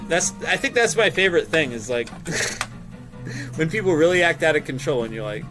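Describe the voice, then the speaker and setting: A man's voice: fairly high pitch, moderate pace, over music. A man telling a convention story in casual talk, swearing freely and acting out both sides of an argument. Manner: animated, profane, acts out both sides of the argument. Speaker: small business owner telling a convention story.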